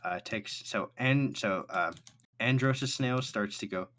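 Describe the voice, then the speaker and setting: A man narrating a tabletop game as game master, describing things quickly with frequent fillers. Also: on the low side, fairly bright tone, slight background noise.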